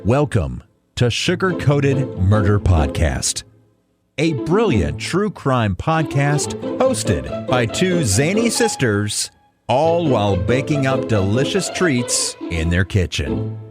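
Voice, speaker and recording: A man reading a scripted podcast intro as announcer, in a slow, sweeping announcer delivery. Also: medium pitch, huge pitch swings. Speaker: show announcer. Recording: loud music bed behind voice.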